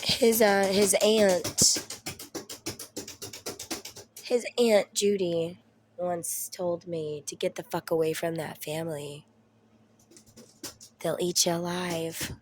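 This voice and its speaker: Slow-talking Southern mom telling stories. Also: female voice, on the low side, fairly even intonation, darkish tone, soft background music. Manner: rambling, profane, laughs through her stories. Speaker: mom vlogger. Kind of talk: casual storytelling chat. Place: at home.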